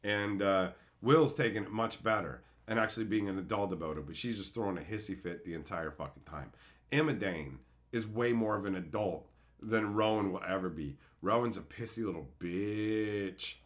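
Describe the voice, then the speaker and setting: A man's voice: fairly low pitch, moderate pace. A man hosting a card spoiler show who rants and swears a lot. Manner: profane, ranting. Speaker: host.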